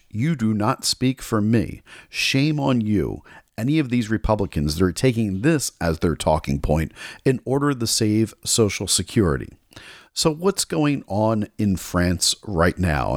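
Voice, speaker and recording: A man's voice: lowish voice, dry recording, clean studio sound. An American man hosting a political talk show, delivering an indignant, sarcastic monologue.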